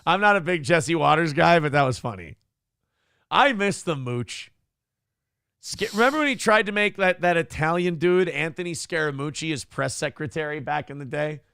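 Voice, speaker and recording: Gravelly, animated man riffing on a show. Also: a little high, moderate pace, no echo, studio quality. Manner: crude, mocking, jumps into loud impressions. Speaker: morning show co-host. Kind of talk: casual comedic commentary.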